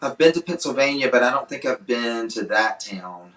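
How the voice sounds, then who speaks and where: A man's voice: mid-range voice, lively intonation, normal speed, fairly bright tone, faint music behind. A man, a singer-songwriter and fiddler, chatting casually between songs in a sarcastic, joking way. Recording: roomy echo.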